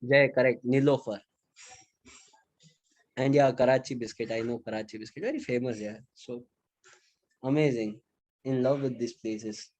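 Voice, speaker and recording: A man's voice: medium pitch, moderate pace, pauses often. A man from Mumbai with an Indian English accent, a lecturer telling chatty anecdotes to his students in a casual classroom style. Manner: chatty, animated anecdotes with acted-out quotes.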